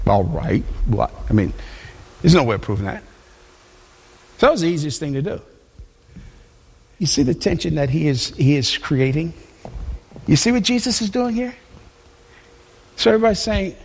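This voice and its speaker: A high-voiced male pastor preaches in a loose, conversational way, often repeating words as he restarts. His voice carries a long reverb from a large hall. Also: expressive, moderate pace, long pauses, slightly rough. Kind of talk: sermon.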